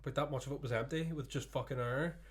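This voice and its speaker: A man's voice: mid-range voice, steady tone, quick pace, slightly rough. Sweary laughing man. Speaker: podcast co-host. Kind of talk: casual chat.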